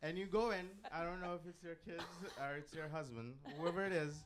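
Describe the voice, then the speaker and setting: With a crowd audible behind him, a Jamaican comedian performs on a club stage, his voice on the high side and his pace fairly quick. He rambles through the set, saying um often before landing crude punchlines.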